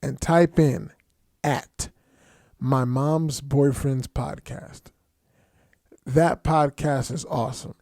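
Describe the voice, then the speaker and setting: A man with a New Jersey accent co-hosting a podcast in relaxed, slangy chat. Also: mid-range voice, slow pace, gravelly, long pauses, no echo, clean studio sound. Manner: laid-back, slangy and chatty. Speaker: podcast co-host. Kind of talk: casual chat.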